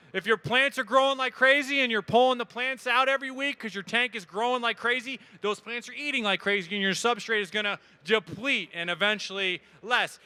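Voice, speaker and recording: In an event hall full of people, a man delivers a live expo talk and handles questions from the crowd. He has a high, bright, very clear voice. His manner is relaxed and energetic, and he cracks jokes.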